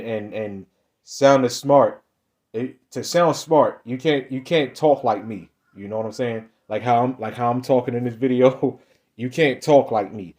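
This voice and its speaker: A man's voice: medium pitch, a little mellow. Male preacher, mid-range voice, casual and emphatic, talking to viewers with plenty of slang and restarts. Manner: emphatic, repetitive, ends phrases with "man"; loose, conversational slang and restarts. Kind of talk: casual Bible teaching.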